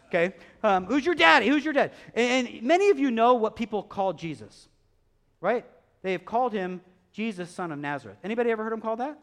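A man preaching a sermon as pastor, acting out quoted voices and swinging between hushed, quiet stretches and loud bursts. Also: high-pitched.

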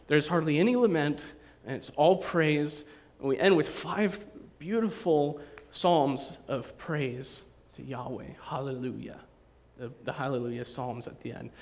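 A man preaching a sermon with a slightly higher voice. He talks in a lively, conversational way and acts out the quotes he reads. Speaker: pastor.

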